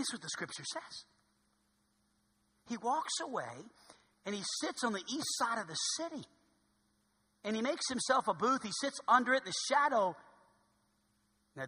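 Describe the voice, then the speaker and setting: Male pastor, very high and bright husky voice, animated sermon delivery with a long hall echo. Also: normal speed, pauses often. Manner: animated, swings from loud exclamations to hushed tones.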